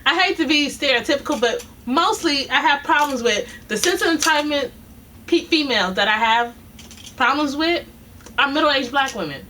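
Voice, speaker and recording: A woman tells a story in a casual, animated way, putting on both voices of a spat and breaking into laughs. Her voice is bright and a little high. She sits back from the mic, with a faint hiss behind her. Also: moderate pace. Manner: animated, quoting both sides, laughing often. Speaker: vlogger telling a work story. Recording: distant mic with faint noise.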